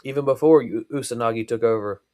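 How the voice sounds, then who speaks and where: A man's voice: mid-range voice, fast talker, a little mellow, lightly acted. A man reading aloud and voicing a middle-aged sheriff father who speaks carefully and seriously.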